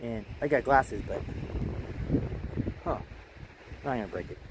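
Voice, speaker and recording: A tired man rambles casually to a handheld camera while out on a mountain trail. He talks in a chatty, self-interrupting way at an ordinary middle pitch. Faint outdoor noise sits behind his voice. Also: measured pace. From Alaska. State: a little tired. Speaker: hiking vlogger. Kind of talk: casual vlog narration.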